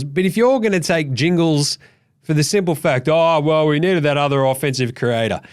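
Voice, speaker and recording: An Australian man hosting a basketball show, ranting in a profane, animated and exasperated way. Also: a little high. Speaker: basketball podcast host. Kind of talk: ranting casual commentary.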